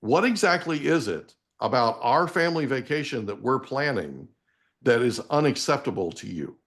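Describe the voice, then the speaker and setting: A man's voice: mid-range voice, big pitch swings, normal speed, fairly bright tone. A man in his forties, a guest on a live interview, giving motivational parenting advice in an emphatic, preachy way and often checking in with "okay?". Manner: emphatic, preachy, addresses listeners directly with repeated "okay?".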